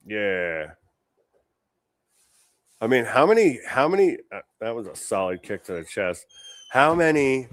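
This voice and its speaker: A man with a lowish voice rambles through casual reaction commentary, peppering his talk with fillers and profanity. He laughs easily. The sound is close and dry, with little room around it. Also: dry recording. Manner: rambling, profane, full of "you know" fillers; amused, laughs often. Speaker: host.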